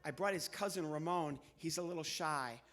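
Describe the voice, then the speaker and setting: A man's voice: a little high, normal speed, fairly bright tone. A middle-aged man, a ventriloquist and comedian, performing live on a church stage as the exasperated straight man.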